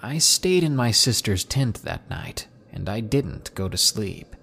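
A man with a slightly husky voice reading out submitted camping horror stories in a lively narration, dropping low and hushed at the tense moments. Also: unhurried. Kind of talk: scripted horror story narration.

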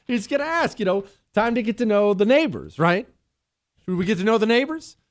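A man's voice: high voice, sing-song, a little fast, dry recording, studio quality. Joking male talk radio host. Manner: joking asides, teasing a co-host; emphatic, repeats key phrases.

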